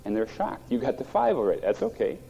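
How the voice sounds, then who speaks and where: A man's voice: medium pitch, huge pitch swings, quick pace, vocal fry, dark tone, slightly rough. A middle-aged man preaching a sermon as a pastor, plainspoken and folksy, recorded on an old muffled cassette.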